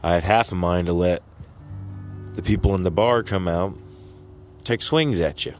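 A man voicing a gruff, short-tempered bar owner who speaks in a stern, threatening way. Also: sits low, normal speed, soft background music, close to an everyday voice.

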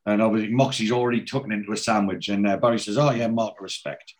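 A man's voice: fairly low pitch, fairly even intonation, fast talker. A man hosting a casual podcast, retelling a TV episode scene by scene. He slips into the characters' lines without much change of voice and fills the gaps with ums and restarts. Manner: reads out character lines in a plain retelling voice, many fillers. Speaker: podcast host recapping a TV episode.

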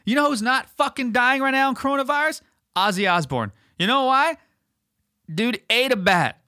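A young man hosting a podcast, telling crude, animated stories in casual chat, swearing freely and acting out other people's voices. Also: extremely high pitch, normal speed, no echo, clean studio sound. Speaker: podcast host.

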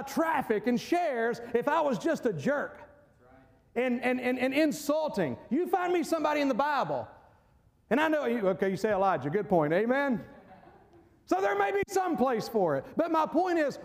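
A man preaching a sermon as pastor, animated, pausing on key words and mocking voices when he quotes. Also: very high-pitched.

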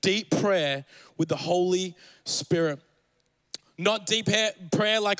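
Young man, pastor preaching a sermon, high voice, dry close sound, earnest and urgent. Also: lively intonation, measured pace, fairly bright tone, dry recording, low-quality recording. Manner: earnest, building to fervent urgency.

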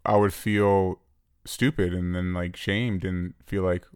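Male co-host in his thirties, earnest and reflective, lower voice, dry close mic. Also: level tone, slow, a little mellow, clean tone, dry recording. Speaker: podcast co-host. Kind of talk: casual podcast chat.

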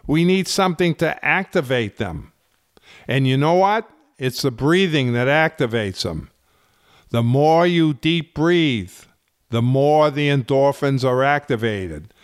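A man who runs a fitness channel, explaining health topics in slow, deliberate, emphatic phrasing. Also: mid-range voice, lively intonation, smooth, no room sound, clean studio sound. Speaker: fitness instructor. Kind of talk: slow explanatory talk to camera.

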